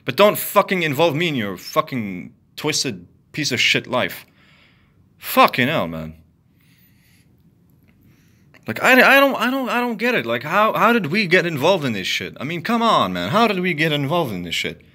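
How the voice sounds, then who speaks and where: A man ranting angrily to the camera, profane and repetitive, swinging from loud outbursts to low muttering. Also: very animated, normal speed. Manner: heated, profane, repetitive venting. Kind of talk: angry solo rant to camera.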